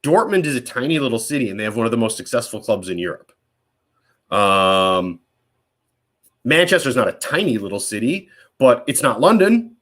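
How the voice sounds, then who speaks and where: A man's voice: mid-range voice, very animated, normal speed, a bit bright. Chatty man rambling casually. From United States. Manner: rambling, self-correcting, chatty. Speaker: host answering viewer questions. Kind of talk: casual live Q&A chat.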